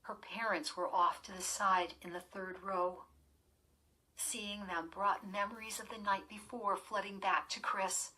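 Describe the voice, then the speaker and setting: A woman narrating a children's horror audiobook in an even, measured storytelling manner. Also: medium pitch, low-quality recording.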